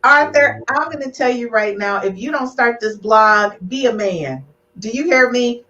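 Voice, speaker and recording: A woman hosting a live podcast, who drives her points home with emphatic, preachy repetition. Her voice sits fairly high and comes across a little far from the mic, with a somewhat dull, muffled tone. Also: expressive, measured pace, sharp tone. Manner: emphatic, preachy, repeats "do you hear me" and "I'm gonna tell you right now". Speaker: podcast host. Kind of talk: casual live podcast chat. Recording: distant, slightly muffled sound.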